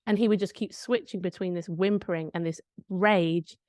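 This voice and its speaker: A woman's voice: medium pitch, steady tone, normal speed, a little mellow, no room sound, studio quality. A woman, co-hosting a podcast and telling a candid, reflective story in casual chat. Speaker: podcast co-host.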